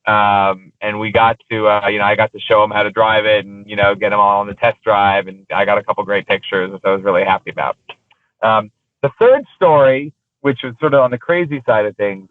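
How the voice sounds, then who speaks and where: A man's voice: on the low side, dry recording. A man, a guest on an interview show, telling casual business anecdotes in a rambling way, full of fillers and restarts. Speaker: interview guest, exotic car rental business owner. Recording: tinny phone line, dry.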